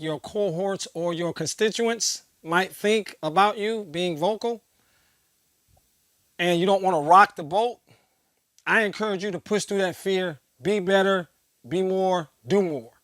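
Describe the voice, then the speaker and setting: Man, high voice, passionate address to viewers, repeats phrases like a preacher, dry close sound. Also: unhurried, fairly bright tone, no room sound. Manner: preacher-like, emphatic repetition. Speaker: host. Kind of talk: impassioned monologue to camera.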